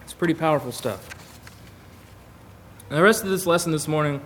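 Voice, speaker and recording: A man delivers a relaxed, conversational sermon to a church congregation. He reads scripture aloud between his own remarks, in a voice that sits a little high. A faint hum runs beneath him. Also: a little fast. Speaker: preacher.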